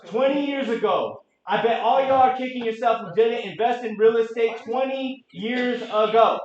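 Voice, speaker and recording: Energetic high-voiced man quizzing a room. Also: moderate pace. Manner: energetic, quizzes the audience, jokes. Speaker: real estate trainer presenting a market update. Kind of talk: interactive office presentation. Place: meeting room with an audience. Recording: echoey room, dull lo-fi sound.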